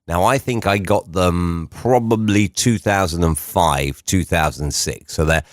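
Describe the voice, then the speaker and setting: A man's voice: sits low, measured pace, no echo, studio quality. A man hosting a drivetime radio show, chatting casually in a rambling, musing way with conversational asides. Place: radio studio. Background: music playing.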